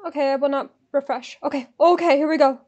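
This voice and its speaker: High-voiced anxious woman talking to herself. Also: fairly even intonation, quick pace, darkish tone, highs cut off. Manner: anxious, repeats herself, mutters and whispers to herself. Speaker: vlogger buying concert tickets online. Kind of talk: nervous live commentary.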